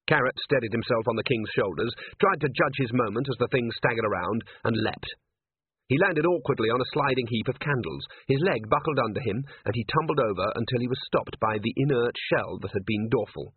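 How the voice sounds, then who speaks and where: A man narrating an audiobook in a lively, expressive manner. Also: mid-range voice, brisk, husky, no echo. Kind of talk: audiobook reading. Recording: tinny phone-like sound, dry.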